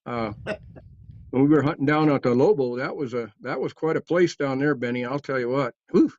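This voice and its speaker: A man's voice: mid-range voice, moderate pace, a little mellow, no room sound. A man telling hunting stories in a rambling, casual way, chuckling as he goes. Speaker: guest storyteller. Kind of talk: casual storytelling. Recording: dull, dry sound.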